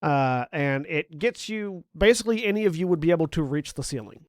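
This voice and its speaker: A man with a somewhat high voice runs a tabletop role-playing game as game master. He is chatty and breaks into laughs between descriptions. The sound is dry and close. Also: animated, brisk, no echo.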